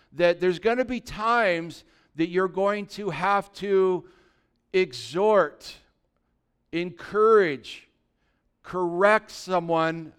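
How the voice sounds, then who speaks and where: A man preaching a conversational sermon as pastor, dropping to a soft, quiet voice when acting out gentle words. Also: high voice, clean tone. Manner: conversational preaching, drops to a soft voice for imagined dialogue.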